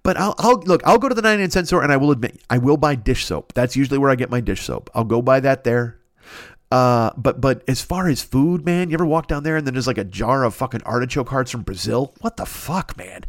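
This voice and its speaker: A man's voice: medium pitch, lively intonation, fairly quick, no echo, studio quality. A middle-aged man on a podcast, rambling through a crude, profane comedic rant and laughing at his own jokes. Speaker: podcast host.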